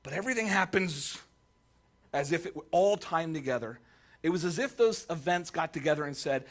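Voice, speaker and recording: In a church sanctuary, a male pastor with a somewhat high voice speaks at a normal speed as he preaches to his congregation. He's animated, telling jokey stories and acting out the quotes in character.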